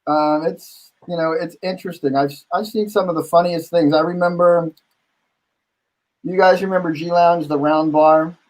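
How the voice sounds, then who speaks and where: A man with a slightly higher voice spins lively nightlife anecdotes in a relaxed conversation. He keeps the chat casual and acts out the lines of the people in his stories as he goes. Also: normal speed, rough recording. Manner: animated anecdote-telling, acting out quotes. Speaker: bar owner and guest host.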